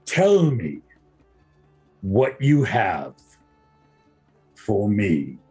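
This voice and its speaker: A man's voice: on the low side, wildly swooping pitch, warm tone, faint music behind, heavily acted. A man playing a grave minotaur ruler. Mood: solemn. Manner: slow, grave, measured speech. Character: huge solemn minotaur ruler, male.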